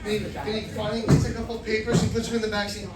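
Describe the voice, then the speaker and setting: Man, stand-up comedian, animated self-mocking storytelling, roomy club heard from afar, loud crowd. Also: high-pitched, rapid-fire, recorded from a distance, faint music behind. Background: audience laughter.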